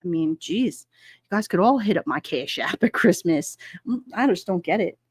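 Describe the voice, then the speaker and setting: A woman's voice: fairly low pitch, animated, normal speed, darkish tone, slightly rough, no echo, studio quality. A middle-aged woman hosting a livestream, chatting casually and rambling with frequent laughs while she reads out chat comments. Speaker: livestream host reading chat.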